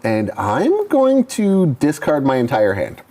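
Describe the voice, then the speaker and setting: A man narrates his board game turn out loud, weighing each move before committing to it. He speaks slowly and drags out his phrases, yet his pitch stays lively and varied throughout. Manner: deliberate, thinks aloud over his moves. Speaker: co-host. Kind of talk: casual chat while playing a board game.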